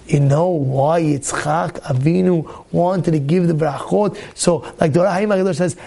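A man's voice: high voice, a little mellow, a little hiss or hum. A man teaching a Torah class, impassioned and repetitive, acting out the voices in his stories. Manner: impassioned, repetitive, acts out dialogue. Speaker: rabbi giving a Torah class.

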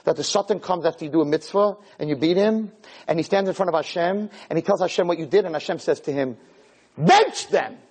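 A man giving a lively Torah sermon to a class of girls, telling stories and acting out the dialogues, in a room with a live audience. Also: a little high, quick pace. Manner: animated, storytelling, acts out dialogues. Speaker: Torah lecturer.

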